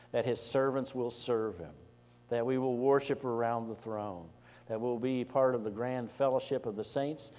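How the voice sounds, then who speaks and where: A man's voice: on the low side, warm tone. A man preaching a sermon as pastor, conversational, asking the congregation questions and restarting phrases as he goes. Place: church sanctuary. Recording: church hall reverb.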